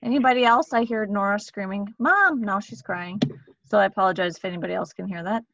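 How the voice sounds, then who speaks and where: A woman's voice: mid-range voice, steady tone, quick pace, gravelly, highs cut off, noisy background. A woman leading a casual sales team meeting on a video call, upbeat and enthusiastic as she cheers people on.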